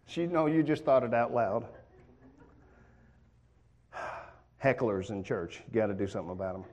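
A man's voice: fairly low pitch, expressive, moderate pace, a little mellow. A man preaching a sermon in a church, folksy and joking in a conversational way.

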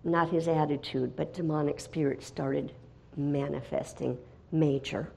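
A middle-aged woman giving a spoken testimony as a missionary, telling her story dramatically and swinging from hushed tones to loud, excited bursts. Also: sits low, unhurried, vocal fry, a little hiss or hum.

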